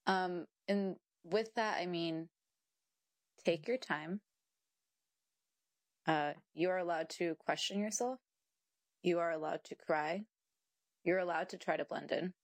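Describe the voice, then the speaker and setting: A young woman with a lowish voice speaks slowly, with long pauses, in a dry recording. As a podcast guest in a casual interview, she tells stories animatedly, laughing often and acting out her own thoughts.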